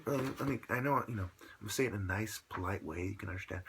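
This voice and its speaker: A man ranting alone to camera, full of "you know"s, swinging from a low mutter to loud shouts. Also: fast, creaky, hardly any pauses, slight background noise. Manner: filler-heavy, many "you know"s. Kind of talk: solo rant to camera.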